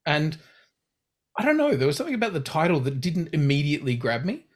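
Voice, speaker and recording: Podcast co-host, mid pitch, very lively swoops, storytelling with acted reactions. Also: quick pace. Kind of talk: casual chat.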